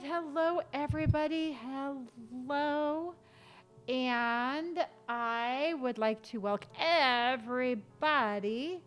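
A woman's voice: sits high, fairly bright tone. A woman streamer chatting casually with her viewers while starting a game, greeting each one by name and yelping when startled. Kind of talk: casual live-stream chat while gaming.

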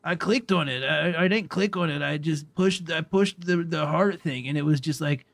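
A man voicing a dim-witted young bro character in a roleplay game, rambling and halting, calling everyone bro and man. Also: a little high, vocal fry, a bit bright. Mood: dopey rambling. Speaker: roleplay streamer.

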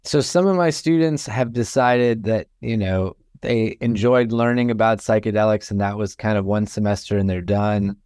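Man from Florida, low smooth voice, professor guest, measured and thoughtful, dry close mic. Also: fairly even intonation, a little mellow, no echo. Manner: thoughtful, measured, many fillers. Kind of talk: casual interview talk.

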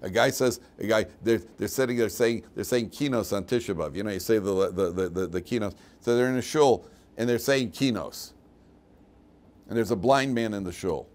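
Speaking at a normal pace with a fairly low pitch, an older rabbi gives a loose, informal Torah class. He jumps between asides and restarts, lively and dryly mocking throughout.

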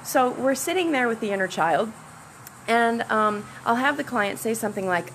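Woman coach, bright and gravelly, animated live-stream talker, a little sore-throated, outside by the sea with faint background hum. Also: medium pitch, normal speed, low-quality recording. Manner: animated, acts out quoted dialogue. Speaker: self-love coach and hypnotherapist. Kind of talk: casual live-stream talk. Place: outdoors by the ocean.

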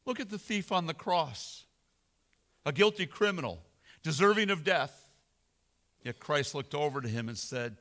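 Slow, lively-voiced preaching pastor. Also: male voice, on the high side. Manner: slow dramatic preaching, swelling and dropping to near whisper. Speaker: senior pastor. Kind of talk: sermon.

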